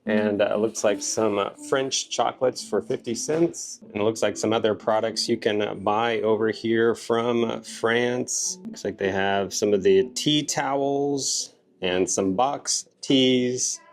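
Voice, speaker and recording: A man's voice: lowish voice, steady tone, a little slow, hardly any pauses, soft background music. A man with a Southern US accent hosting a casual travel vlog in a café, easygoing and joking. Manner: joking, easygoing, playful self-teasing. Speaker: vlog host. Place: small café indoors.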